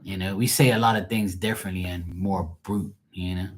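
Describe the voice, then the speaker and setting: A middle-aged Bermudian man with a husky, somewhat low voice, chatting loosely to a livestream audience. He rambles from one point to the next, swears freely and laughs often. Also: steady tone, brisk. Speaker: tarot reader. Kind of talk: casual livestream chat.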